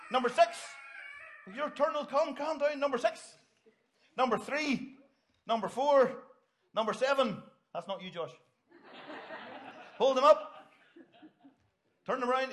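A man's voice: extremely high pitch, fairly bright tone, a little hiss or hum. A middle-aged man, giving a jokey, upbeat children's talk in church and directing volunteers. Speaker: pastor.

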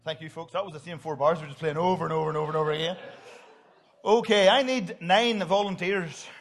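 A man's voice: a little high, fast talker. A middle-aged man, giving a jokey, upbeat children's talk in church and directing volunteers. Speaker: pastor.

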